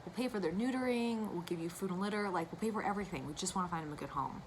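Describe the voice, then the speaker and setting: A woman's voice: lowish voice, rapid-fire, a little hiss or hum, low-quality recording. A young woman chatting casually to camera about her cross-stitch, gushing and wandering into asides. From United States.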